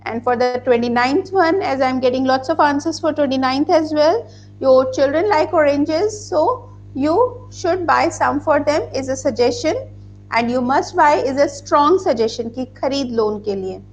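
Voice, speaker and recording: In an online grammar class, a woman with a high, animated voice reads out student answers at a moderate pace. She explains patiently and spells words letter by letter, with a little hiss or hum in the audio.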